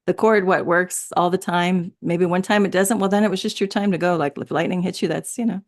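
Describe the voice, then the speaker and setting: A woman's voice: on the low side, fairly even intonation, brisk. A woman guest in a casual spiritual conversation, rambling and laughing often, with many restarts. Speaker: interview guest.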